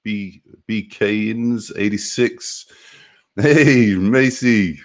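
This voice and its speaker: A man's voice: fairly low pitch, extremely slow. A man, casually chatting on a live stream and greeting viewers by name in an upbeat way.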